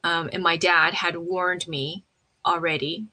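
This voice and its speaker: A woman guest telling a personal story in an animated way, acting out the voices of people she quotes, with frequent fillers and restarts. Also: lowish voice, unhurried, rough recording. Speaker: interview guest.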